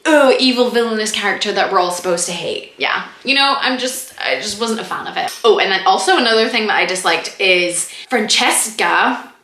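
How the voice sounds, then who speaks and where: A young woman talks casually into the camera about a series she just watched, her voice bright and forceful. She fills her talk with "like" and acts out lines in mock voices between little laughs. The room around her rings with echo. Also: medium pitch, slight background noise. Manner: chatty, lots of "like", quick laughs and mock quotes. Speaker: TV review vlogger. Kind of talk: casual review chat to camera. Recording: echoey room.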